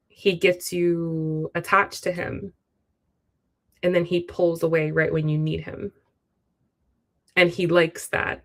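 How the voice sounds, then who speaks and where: A woman with a lowish, slightly bright voice gives a casual tarot reading on a livestream. She's chatty, talks straight to the viewer, and fills her speech with "like" and "you know."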